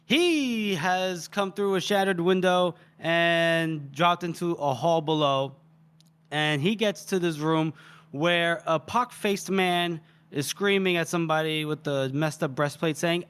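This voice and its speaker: A man's voice: fairly high pitch, unhurried, a bit bright, clear, resonant tone. A man co-hosting a book podcast, retelling scenes in casual chat and acting out the characters' lines. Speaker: podcast co-host.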